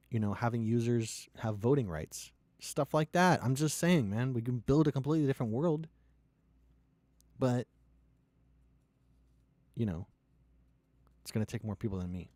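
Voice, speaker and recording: A startup founder ranting and pitching with heavy swearing, swinging from loud outbursts to low, quiet lines. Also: male voice, no room sound. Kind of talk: impassioned profane rant and pitch.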